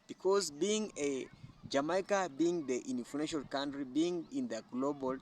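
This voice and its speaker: A man's voice: fairly high pitch, slight background noise. A man giving earnest opinion commentary, explaining at length with repeated phrases and restarts. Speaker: YouTube commentator.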